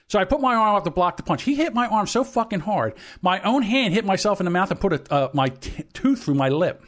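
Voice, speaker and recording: A man's voice: high voice, animated, normal speed. Blunt, profane man around sixty. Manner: profane, blunt anecdote-telling. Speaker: podcast co-host. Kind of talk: casual chat, storytelling.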